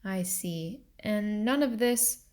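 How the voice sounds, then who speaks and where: A stern middle-aged mill agent who questions in a formal, measured manner, as a woman narrator reads him. The delivery is slow and unhurried, in a storybook reading. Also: mid-range voice, lively intonation, a little mellow.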